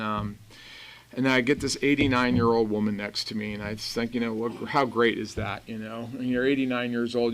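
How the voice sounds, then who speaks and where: A man from Los Angeles giving a personal recovery testimony, telling his story in an earnest, animated way and acting out the voices of people he quotes. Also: mid-range voice, smooth. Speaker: recovery meeting speaker.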